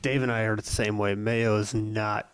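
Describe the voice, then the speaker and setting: A man's voice: on the low side, level tone, normal speed, smooth. A man who is a guest on a casual podcast, speaking bluntly and emphatically. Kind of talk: casual chat.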